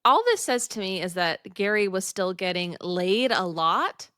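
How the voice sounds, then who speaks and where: A woman's voice: medium pitch, animated, unhurried, sharp tone, clear, resonant tone, dry recording. A young woman co-hosting a podcast in casual chat, wry and mock-outraged, close to the mic. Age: young adult. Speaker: podcast co-host.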